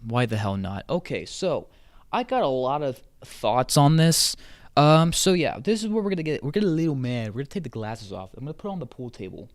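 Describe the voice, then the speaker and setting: Give me an exasperated man doing a profane video commentary rant in a lively, up-and-down voice. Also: mid-range voice, no echo, studio quality. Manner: exasperated, heavy swearing, rapid tangents.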